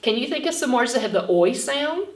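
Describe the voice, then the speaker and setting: A woman reading a storybook aloud and then teaching phonics to children, animated and gasping, speaking slowly and clearly. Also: high voice. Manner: animated, with dramatic gasps, slow and clearly spoken. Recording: echoey room, far from the mic.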